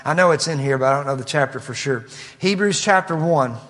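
A man's voice: a little high, fairly quick, a bit bright. A man preaching an expository sermon, reading scripture quotes in an earnest, emphatic way. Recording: long hall reverb.

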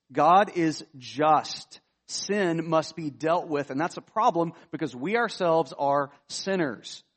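A man, a pastor preaching a conversational sermon that rises with emphasis when he reads scripture. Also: high-pitched.

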